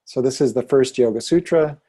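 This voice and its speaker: A man teaching yoga philosophy and Sanskrit pronunciation in a calm, deliberate way, leading students to repeat after him. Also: mid-range voice, slightly rough. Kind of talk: slow, calm teaching with call-and-repeat chanting.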